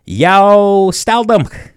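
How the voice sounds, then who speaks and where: A man hosting a community radio show, teaching words slowly and often chuckling at himself. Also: sits high, clear, resonant tone, no room sound, studio quality. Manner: chuckles often, slow deliberate word repetition. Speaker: radio host. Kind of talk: community radio language segment.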